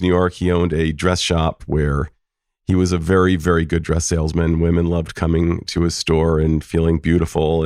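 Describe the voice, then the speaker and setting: A middle-aged man hosting a podcast, telling family stories in a lively way and laughing now and then. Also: low-pitched, no room sound, clean studio sound. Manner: warm, laughing storytelling. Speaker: podcast host, psychologist. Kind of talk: personal storytelling.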